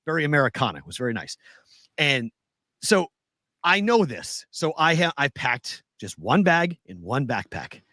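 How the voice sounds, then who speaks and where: A man's voice: medium pitch, sing-song, moderate pace, bright, forceful tone, no room sound. A man co-hosting a casual chat show, telling a story with animation and acting out both sides of the conversation. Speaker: podcast co-host.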